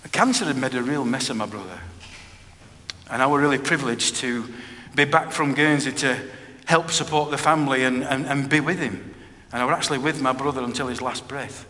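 Preaching a testimony sermon in an echoey hall with faint noise behind him, a middle-aged man speaks at a medium pitch with a sharp tone. His delivery is earnest and plain, with phrases often repeated.

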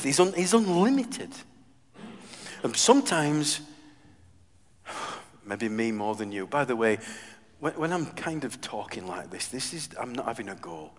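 A man delivers a sermon, pressing his points with loud emphasis before dropping to hushed, earnest asides. His voice carries a long reverb from the hall around him. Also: fairly high pitch. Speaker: preacher.

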